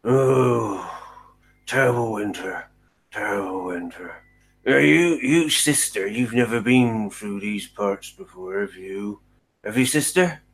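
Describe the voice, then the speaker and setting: A man's voice: fairly low pitch, expressive, slow, a bit bright, slightly rough, heavily acted, low-quality recording. A man voicing a grumpy, superstitious male traveller in a tabletop game, muttering gloomy warnings. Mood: grumbling. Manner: grumbling, muttering, ominous warnings.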